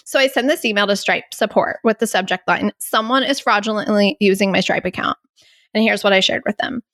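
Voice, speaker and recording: A podcast host with a medium-pitched, brisk and fairly bright voice delivers a candid storytelling monologue. She retells events anxiously and incredulously, now and then laughing at herself. The sound is studio quality with no room sound.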